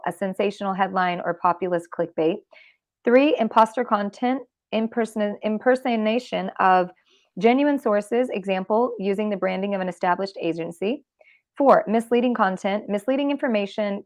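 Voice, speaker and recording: A woman hosts an online talk show and works through a numbered list of points. She trips over a word now and then and starts it again. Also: medium pitch. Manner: reads points in a list, with restarts. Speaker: host.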